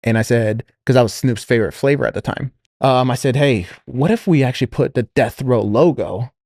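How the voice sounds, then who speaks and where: A man's voice: medium pitch, fairly quick, dry recording, clean studio sound. A man casually telling a business story on a podcast, rambling with fillers and restarts and quoting others. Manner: quotes others in lively voices.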